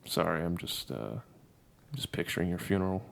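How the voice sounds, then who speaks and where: Low-voiced profane man telling a story. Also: animated, normal speed, vocal fry. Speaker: podcast co-host. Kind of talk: casual storytelling chat.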